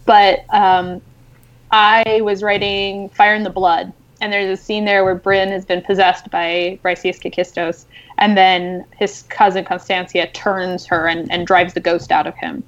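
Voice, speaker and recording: Woman writer chatting about her books, gets excited, lots of ums, kinda muffled lo-fi audio. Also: medium pitch, measured pace. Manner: animated, excited storytelling with many fillers. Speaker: novelist. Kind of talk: casual podcast chat.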